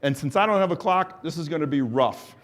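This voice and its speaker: A man with a notably high voice leads a live exercise workshop. He coaxes and cheers the group and calls out timed cues and countdowns. His talk is eager and encouraging throughout. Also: lively intonation, fairly quick. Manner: enthusiastic, encouraging, coaxes the audience. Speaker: exercise coach presenting at a symposium. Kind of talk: live workshop presentation leading an exercise drill.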